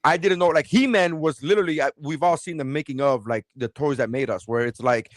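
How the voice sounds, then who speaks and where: A man in his thirties co-hosting a podcast, telling stories quickly and swearing often in casual chat. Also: on the high side, dry recording. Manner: fast, animated storytelling with heavy swearing. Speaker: podcast co-host.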